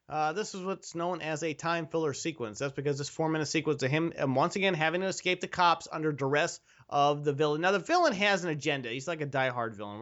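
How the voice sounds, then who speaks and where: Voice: medium pitch, highs cut off. A podcast co-host in casual film-review banter, rambling and mocking their own jokes. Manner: animated, rambling and self-mocking.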